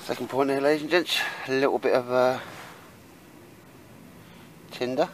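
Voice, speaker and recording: A man's voice: medium pitch, steady tone, normal speed, slight background noise, low-quality recording. A man chatting casually in a rambling way with lots of fillers while he shows his camp gear outdoors in the woods. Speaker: bushcraft vlogger.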